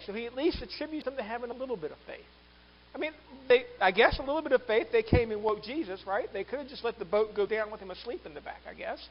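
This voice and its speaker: A male pastor preaching a sermon in an animated way, acting out the quoted lines. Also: high voice, lo-fi sound, a little hiss or hum.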